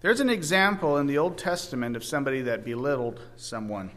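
A man preaching a sermon, reading scripture aloud and speaking with many halting restarts. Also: mid-range voice, a bit bright.

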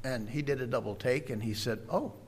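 An older man, a preacher, telling a personal story in a folksy, unhurried way with many pauses and fillers. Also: medium pitch, fairly even intonation, husky.

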